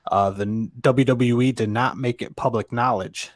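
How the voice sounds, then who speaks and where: Male podcast co-host, mid-pitched, steady news delivery, dry sound. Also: normal speed, no room sound. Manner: steady, matter-of-fact news reader. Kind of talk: casual chat, reading news items.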